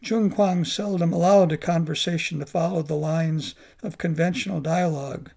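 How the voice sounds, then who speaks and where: A man narrating a memoir in a measured, reflective reading. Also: a little high, fairly even intonation, gravelly, darkish tone.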